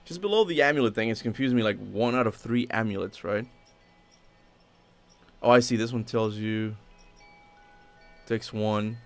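A man streaming a video game, chatting casually and excitably as he plays, with the odd swear. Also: lowish voice, normal speed, pauses often, faint music behind. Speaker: gaming streamer. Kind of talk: casual live gameplay commentary.

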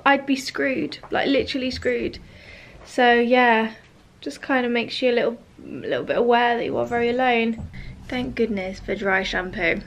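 A young woman from the UK talks to her camera in a loose, rambling vlog, hurting from back spasms and worn out from a sleepless night. Her voice sits a little high, and she fills her sentences with ums and soft laughs. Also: moderate pace. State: in pain from back spasms, tired and weepy. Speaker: vlogger. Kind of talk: casual personal vlog.

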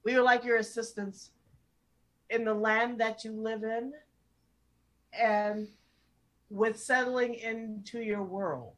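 Older woman improviser, brash, swears a lot, a touch high, heard over a video call. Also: steady tone, takes it slowly, long pauses, fairly bright tone. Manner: brash, swears freely, exasperated. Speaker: improv comedian. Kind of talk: improvised comedy scene.

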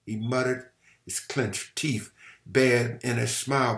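A man's voice: medium pitch, fairly even intonation, slow, creaky, a bit bright. A man reading a novel aloud dramatically, sometimes stumbling and rereading words. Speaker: reader. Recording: roomy echo.

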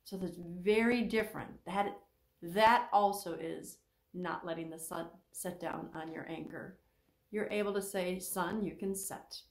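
Speaking at a measured pace, a counselor with a gravelly edge to her voice gives a faith-based teaching talk. Animated throughout, she performs little quotes by shifting her pitch sharply for each speaker. Her voice echoes a bit in the large room.

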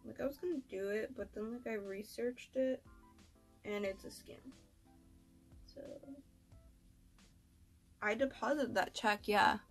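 A woman's voice: a little high, unhurried, long pauses, faint music behind. A young woman telling a story in casual chat, slangy and filled with "like," swearing freely. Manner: slangy, swears, many likes. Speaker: beauty vlogger.

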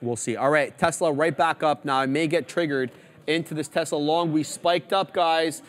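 A man's voice: a little high, fairly even intonation, moderate pace. Casual male trading-show host. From Canada. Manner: casual, chatty, walks through charts aloud. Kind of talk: live market commentary.

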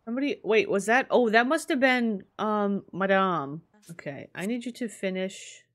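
A woman casually commenting on a life simulation game as she plays, chatty and excitable, laughing often. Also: mid-range voice, moderate pace. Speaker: streamer. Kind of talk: casual let's-play commentary.

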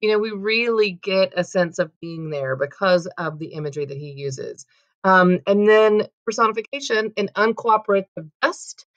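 A woman's voice: medium pitch, expressive, normal speed, lo-fi sound. A woman teaching a casual poetry lesson, talking in a chatty, filler-heavy way and correcting herself as she goes.

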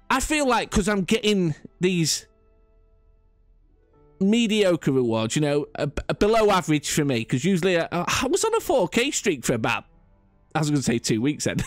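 A man's voice: a little high, no room sound. A man rambling through casual gameplay commentary, chatty and self-mocking with frequent restarts. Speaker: gaming YouTuber.

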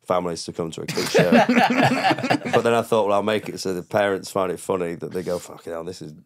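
A low-voiced man, very animated and brisk, guests on a podcast as a comedian, reeling off rambling anecdotes. Laughter at his own stories comes often, and he quotes people in a high, mocking voice.

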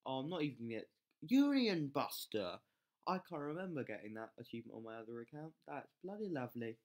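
Gameplay commentary, lively swooping voice, excitable, sweary, self-mocking. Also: medium pitch, a little fast. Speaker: game channel host.

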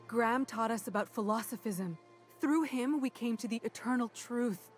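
A woman's voice: fairly high pitch, moderate pace, soft background music, close to an everyday voice. A woman voicing a folksy, chatty commune greeter. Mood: friendly. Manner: chatty, folksy, eager to please. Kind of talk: video game dialogue.

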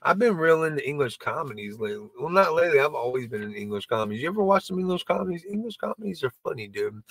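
Man in his sixties, rambling profane stand-up, slightly high voice, dry close sound. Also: very animated, fast talker, few pauses, a bit bright, husky, dry recording. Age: 60s. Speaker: comedy show host.

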